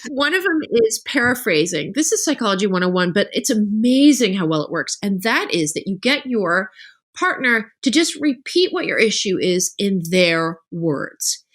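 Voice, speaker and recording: A middle-aged woman talking casually as a guest author on a podcast, telling animated stories and acting out the lines of other people. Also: mid-range voice, moderate pace. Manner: animated storytelling, acts out quoted dialogue.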